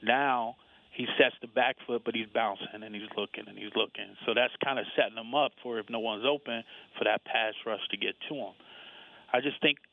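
A man's voice: medium pitch, fairly even intonation, fairly quick, gravelly. A man calling in to a sports show, laying out a detailed point steadily with some fillers. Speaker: caller. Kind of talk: call-in comments. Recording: tinny dry phone line.

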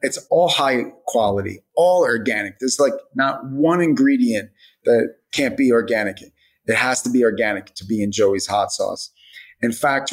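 A man's voice: medium pitch, low-quality recording. A man chatting as a podcast guest about the product he makes, rambling with many fillers. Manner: rambling, lots of "like" and "you know" fillers. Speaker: hot sauce brand founder, guest. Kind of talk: casual podcast interview.

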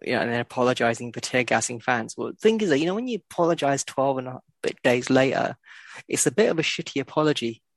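A man's voice: medium pitch, expressive, fast talker, no room sound. A man co-hosting a podcast, talking football in a blunt, sweary way and laughing often. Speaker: podcast co-host. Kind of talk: casual football chat.

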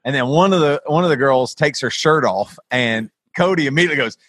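A man co-hosting a podcast reminisces about old times with enthusiasm. His voice is mid-pitched and recorded close and dry, with no room sound. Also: a little fast, a bit bright, dry recording. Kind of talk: casual chat.

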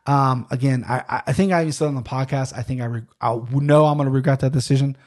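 A man's voice: mid-range voice, steady tone, quick pace, a little mellow. A man hosting a podcast, rambling in casual solo talk with many fillers and restarts. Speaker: podcast host.

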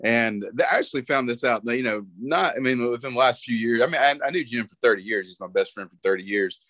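A man's voice: mid-range voice, fast, fairly bright tone, no echo. A middle-aged man talking casually about a late friend, rambling with lots of fillers. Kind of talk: casual conversation.

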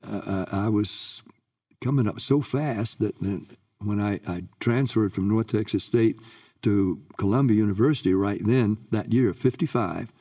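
An older man, a guest singer, telling lively anecdotes in an interview and acting out the voices he quotes. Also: on the low side, recorded from a distance.

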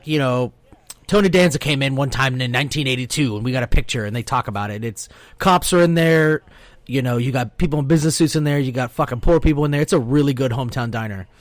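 Dry, animated man telling stories. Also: mid-range voice, dry recording. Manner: animated, profane, quotes people in voices. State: sleep-deprived. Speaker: podcast co-host. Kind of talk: casual storytelling chat.

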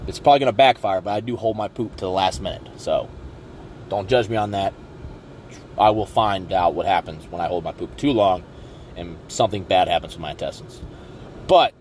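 With a medium-pitched voice and a bit of background noise, a young podcast host from Southwest Virginia tells a casual story in his Southern American accent. It rambles, pokes fun at himself, and is full of ums and uhs.

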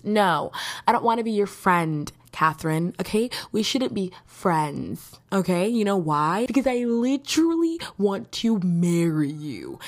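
Chatty young woman with a lowish voice. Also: expressive, a little fast. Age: late teens. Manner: chatty and rambling, laughs often, mock-dramatic. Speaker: podcast host. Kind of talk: casual chat.

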